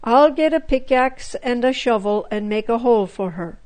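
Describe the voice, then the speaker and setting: A woman voicing a brisk, matter-of-fact mother speaking firmly to her daughters. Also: fairly high pitch, animated, darkish tone, natural voice. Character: brisk practical mother of two girls.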